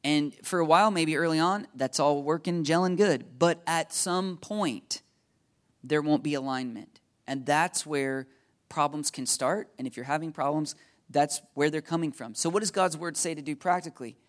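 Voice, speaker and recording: A man from the United States preaching a sermon in an animated, joking way, often checking in with his listeners. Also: a little high, moderate pace. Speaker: pastor.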